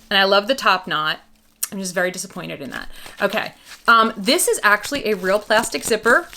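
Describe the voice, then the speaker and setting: A woman's voice: medium pitch, pushed and bright. A woman doll collector vlogging casually, chatty and goofy, rambling between reviewing a doll and telling a family story.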